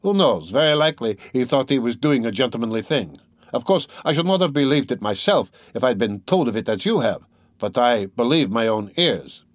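A man reading an audiobook voices a manipulative gentleman who is measured and insinuating, pausing as he picks his words. His plain middle-pitched voice is animated yet close to an everyday voice. The recording is dry and close.

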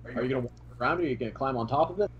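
A man's voice: medium pitch, crowd noise. A man running a tabletop game as game master, describing scenes with a sore throat. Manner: descriptive, playful, measured narration. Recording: dull lo-fi mic.

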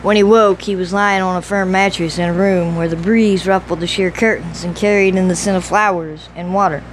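Woman, audiobook narration, steady measured reading, faint hiss in the background. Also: lowish voice, rough recording. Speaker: audiobook reader.

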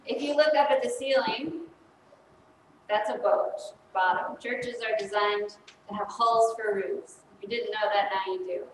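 A woman's voice: mid-range voice, unhurried, a little hiss or hum. A woman in her thirties, a priest giving a children's sermon in a chatty way, asking the congregation questions. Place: church sanctuary. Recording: echoey church from far off.

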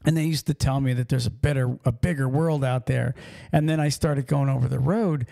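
Gravelly, animated trucker host. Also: male voice, mid-range voice, brisk. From Pennsylvania. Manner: animated storytelling, acts out accents. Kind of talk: casual podcast chat.

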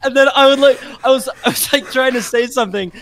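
A man's voice: very high voice, quick pace, gravelly, a bit bright. A young man, a musician guest, chatting casually on a podcast, rambling, filling every phrase with "like", swearing and laughing often.

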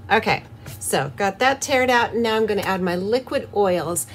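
A woman's voice: mid-range voice, lively intonation, normal speed, slight background noise. Cheerful chatty woman teaching a craft. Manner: cheerful and chatty, with soft laughs. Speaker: host of a soap-making channel. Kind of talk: craft tutorial, talking through steps.

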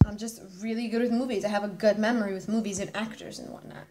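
A woman's voice: medium pitch, steady tone, fast talker, noisy background. A nineteen-year-old woman chatting casually in a vlog, bubbly and rambling, often restarting her sentences. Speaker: vlogger.

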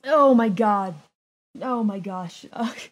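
A woman's voice: medium pitch, slow. A woman streaming a game live, flustered and laughing as she thanks viewers and protests their donations. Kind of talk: live gaming stream chat.

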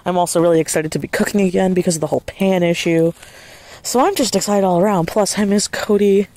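Soft-spoken rambling woman vlogger. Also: lowish voice, fast talker. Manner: rambling, swears casually; soft hushed voice late at night. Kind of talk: casual vlog chat. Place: outdoors at night walking a dog.

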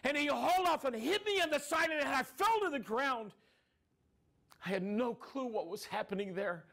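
A man's voice: very high-pitched, lively intonation, moderate pace, gravelly, a bit bright, exaggerated voice. A man playing a grieving younger brother who tells, in a first-person dramatic monologue, how he watched his brother suffer, his telling rising into anguished cries. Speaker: dramatic storyteller.

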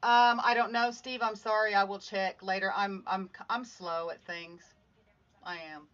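A medium-pitched woman speaks with a flat delivery at a measured pace, her tone a bit bright. She is making crafts at home during a casual livestream, chatting upbeat and greeting viewers by name. Her phone streams it live, and the recording sounds slightly dull with faint music.

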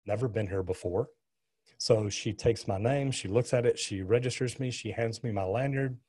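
A middle-aged man speaks as an interview guest, recounting events in an earnest, storytelling way. His voice is husky and dark, and he often stumbles into restarts. He comes from the US West Coast. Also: on the low side, moderate pace. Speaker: plumber, guest.

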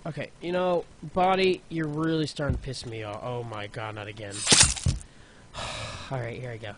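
A man's voice: mid-range voice, steady tone, moderate pace, a little hiss or hum. A man giving frustrated, exclamatory commentary while playing a video game. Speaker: gaming YouTuber. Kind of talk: let's play commentary.

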